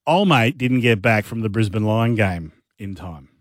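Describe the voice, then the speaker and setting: Man, Australian accent, deep voice, radio co-host, casual storytelling, dry close sound. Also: animated, normal speed, no room sound. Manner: storytelling with gruff put-on tradie voices.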